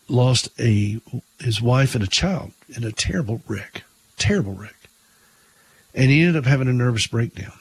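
A husky man hosts a Christian talk radio program. He preaches in earnest and tells stories along the way, often stumbling and repeating words as he starts a thought. His voice sits at an ordinary middle pitch.

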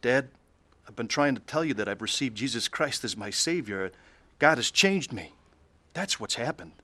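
A man's voice: mid-range voice, lively intonation, moderate pace, pushed and bright, no echo. A man narrating his own faith testimony in an earnest, pleading way and acting out the scenes. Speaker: narrator of his conversion story.

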